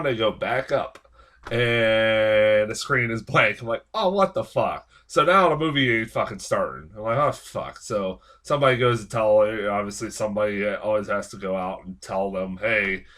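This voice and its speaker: A man's voice: lowish voice, moderate pace, fairly bright tone. A man giving a casual spoken film review, rambling and swearing constantly with many fillers as he rants in exasperation. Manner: rambling and heavily profane, with frequent fillers; exasperated ranting. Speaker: movie reviewer.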